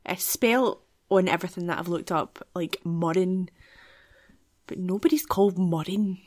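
A woman's voice: on the low side, a little fast, darkish tone. A woman with a Scottish accent chatting casually with a co-host about a film, laughing often. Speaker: podcast co-host.

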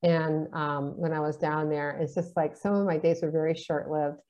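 A woman's voice: low voice, steady tone, moderate pace, a little mellow. A woman in casual conversation, chatty, telling stories and acting out the dialogue in them. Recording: dull lo-fi sound.

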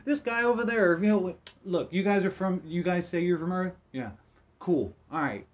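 A man's voice: sits high, normal speed, dull audio, pitched above the performer's own voice, lightly acted. Man putting on a brash, unimpressed Martian guy. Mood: offhand. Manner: loud, dismissive, slangy. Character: brash casual male Martian, unimpressed by visitors.

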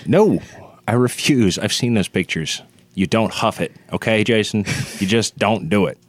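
A man's voice: fairly low pitch, normal speed, dry recording. A young man co-hosting a casual podcast chat, cracking jokes and teasing the others. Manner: joking, teasing. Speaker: podcast co-host.

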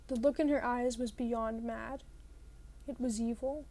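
A woman reading a novel aloud, telling it in a lively first-person way. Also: fairly high pitch, measured pace. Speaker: reader.

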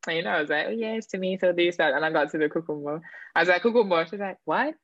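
Low-voiced woman on a dull dry mic. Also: racing, fairly bright tone, no echo. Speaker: guest. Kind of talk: casual chat.

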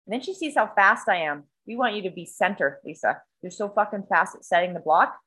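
A woman's voice: mid-range voice, brisk, slightly rough, low-quality recording. A woman chatting casually, swearing a lot and acting out sounds and other people's lines as she tells a story. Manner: animated, acts out other voices and sound effects. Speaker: storyteller in a conversation. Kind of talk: casual chat, swearing freely.

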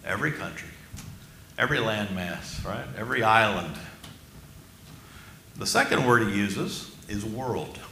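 A male pastor delivers a sermon in a bright, forceful voice. He is emphatic, slows right down to stress key phrases and asks the congregation questions. The sound is roomy, with a faint murmur of ambience behind. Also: on the low side, very animated, creaky, slight background noise.

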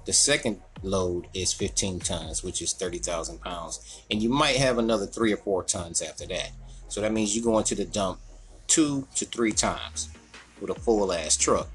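A man telling a long, profane work story in casual chat. He acts out the other people in a higher voice. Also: normal speed, faint music behind.

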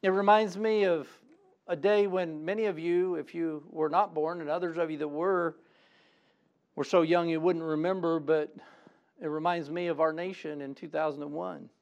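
A middle-aged male pastor delivering a sermon in a notably high voice. He talks emphatically and often doubles his words when he gets stirred up. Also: fairly even intonation, normal speed, smooth, dull audio.

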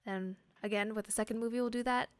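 A woman's voice: fairly high pitch, fairly even intonation, fast talker. A woman co-hosting a podcast, chatting casually and animatedly, laughing easily. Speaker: podcast co-host.

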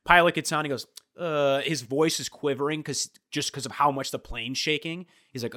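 A man's voice: mid-range voice, a little fast, hardly any pauses, pushed and bright. A young man in a casual chat, telling a travel story with lots of swearing and acting out the people he met.

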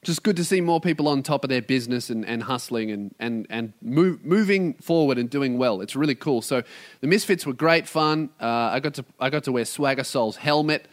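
A man's voice: mid-range voice, moderate pace. A young Australian man hosting a solo podcast, ranting casually and swearing a lot. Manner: profane, animated ranting. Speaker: podcast host.

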